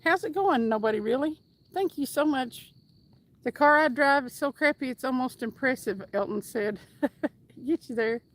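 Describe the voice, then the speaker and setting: Woman, high-pitched, upbeat livestream host, chats and reads comments while fishing outdoors. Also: animated, normal speed. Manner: upbeat and chatty, whoops now and then. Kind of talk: casual livestream chat, reading viewer comments aloud.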